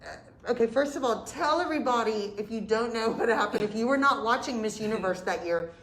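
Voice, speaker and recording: A woman's voice: a little high, a little fast, a bit bright. A woman hosting a talk show, enthusiastic, exclaiming and using many fillers as she asks questions. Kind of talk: casual interview. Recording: echoey room with faint background noise.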